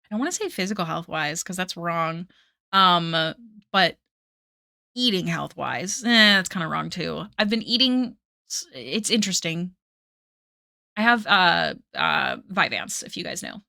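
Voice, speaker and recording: A woman's voice: lowish voice, animated, measured pace, creaky, long pauses, bright, forceful tone, no echo, clean studio sound. A young woman chatting casually with her stream while she draws, rambling and self-deprecating as she reads chat aloud at night. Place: home room at night. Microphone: desk mic.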